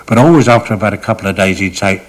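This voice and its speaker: A man's voice: fairly low pitch, very fast, poor audio. An older man recalling cricket memories in a vivid, dramatic storytelling manner, lingering on words for emphasis. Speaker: cricket raconteur. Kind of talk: anecdotal reminiscence.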